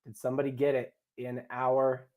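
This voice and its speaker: Speaking at a moderate pace, this young man has a medium-pitched, darkish voice with a completely flat delivery. Even so, he's jokey and chatty as he hosts a live draft stream, reading viewer comments and addressing chat and co-hosts.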